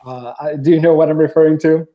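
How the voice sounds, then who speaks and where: A man's voice: a little high, steady tone, fast talker, highs cut off. A man chatting casually on a podcast, telling an anecdote with lots of "you know" fillers and acted-out quotes. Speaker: podcast guest. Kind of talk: casual storytelling chat.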